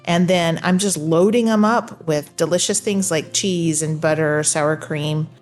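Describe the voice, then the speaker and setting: A woman's voice: low-pitched, unhurried. A woman, hosting a recipe tutorial in a friendly, upbeat instructional manner. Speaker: cooking channel host. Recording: faint music behind.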